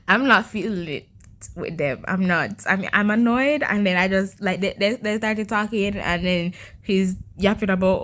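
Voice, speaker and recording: A young woman chatting on her book vlog in an ordinary middle pitch, sounding exasperated. She stumbles over her words, repeats herself and keeps throwing rhetorical questions at the audience. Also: measured pace, fairly bright tone. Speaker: book vlogger. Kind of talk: casual reading vlog to camera.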